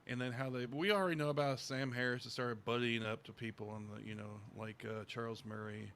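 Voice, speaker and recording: A man hosting a casual podcast chat, talking in a profane, sarcastic and animated way. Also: mid-range voice, brisk, slight background noise. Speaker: podcast host.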